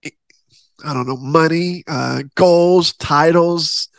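A man's voice: on the high side, drawn-out words, creaky, no room sound. A man hosting a faith podcast, talking earnestly in a rambling, casual way with many restarts. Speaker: podcast host.

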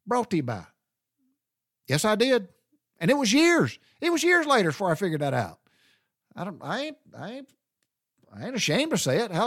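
A man's voice: sits high, dry recording, studio quality. Drawling Southern man telling folksy stories. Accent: Southern American. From American South. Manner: rambling, drawling, swears casually. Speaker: podcast host. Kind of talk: folksy storytelling monologue.

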